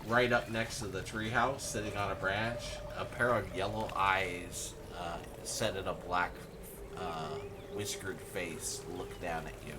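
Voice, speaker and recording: A man narrating as game master in a tabletop game, unhurried, giggling, with halting fillers. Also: sits low, steady tone, background noise.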